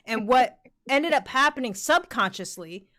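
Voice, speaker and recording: A woman's voice: on the high side, animated, normal speed, a bit bright. A young woman co-hosting a podcast in casual chat, talking candidly, swearing freely and leaning on "like" a lot. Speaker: podcast co-host.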